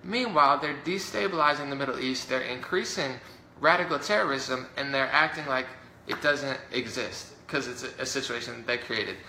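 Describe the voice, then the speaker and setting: A man speaks in a gravelly, sharply bright and forceful voice as he rants against his political opponents. He talks indignantly and quickly, piling up fillers and mocking the other side. The room around him is roomy and echoey. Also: mid-range voice, slight background noise. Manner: rapid, indignant, mocks opponents in put-on voices. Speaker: political commentator. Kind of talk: heated political rant to camera. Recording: roomy echo.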